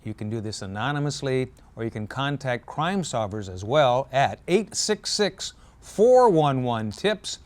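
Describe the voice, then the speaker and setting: A man hosting a community news show, reading stories in a relaxed, joking way with fillers and self-corrections, and losing his voice. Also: medium pitch, measured pace, few pauses.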